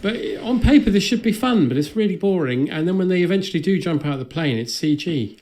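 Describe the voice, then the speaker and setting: A man's voice: high voice, lively intonation, fast, a little mellow. A man co-hosting a comedy podcast, recapping a film in a dry, sardonic way. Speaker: podcast co-host.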